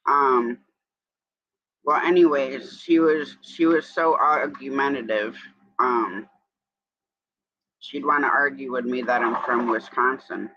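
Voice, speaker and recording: A man's voice: mid-range voice, fairly even intonation, slow, pauses often, sharp tone, no room sound, lo-fi sound. A man from New York with an upstate New York accent, hosting a casual morning live stream and chatting in a rambling way while greeting viewers.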